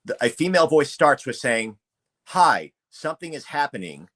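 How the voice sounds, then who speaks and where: A middle-aged man co-hosts a true-crime podcast, laying out his views in a measured, deliberate way. His voice sits at an ordinary middle pitch. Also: very animated, a bit bright. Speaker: podcast co-host.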